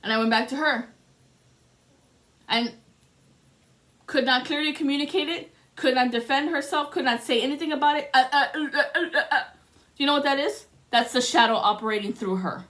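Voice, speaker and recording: High, bright-voiced woman ranting passionately. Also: brisk, long pauses. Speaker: spiritual reader. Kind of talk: emotional monologue to camera.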